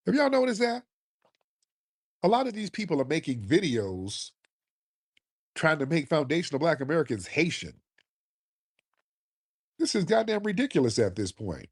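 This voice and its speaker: Man with a husky, lively voice, indignant commentary, lots of rhetorical questions. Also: on the high side, normal speed, long pauses. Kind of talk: online commentary clip.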